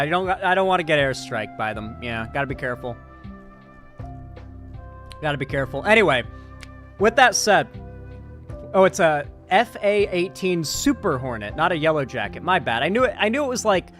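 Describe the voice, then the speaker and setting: A man's voice: a little high, big pitch swings, moderate pace, a bit bright. Male streamer, sore-throated, rambling and profane, light music bed. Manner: rambling, profane, sarcastic asides. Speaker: political commentary streamer. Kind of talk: casual live-stream commentary.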